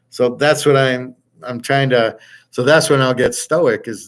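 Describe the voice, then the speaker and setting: A man's voice: mid-range voice, fairly even intonation, unhurried. A middle-aged man telling a personal story in a casual monologue, blunt and profane, often restarting his sentences and heatedly quoting what he told others. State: aching back, jet-lagged. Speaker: host.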